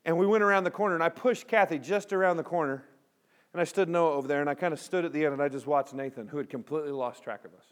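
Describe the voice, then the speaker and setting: A man with a slightly high voice delivers a storytelling sermon to a live audience of students. He acts out the people in his story with lively energy, then settles into a quiet, earnest tone to drive his point home. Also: fast talker. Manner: drops to a quiet, earnest tone at the close.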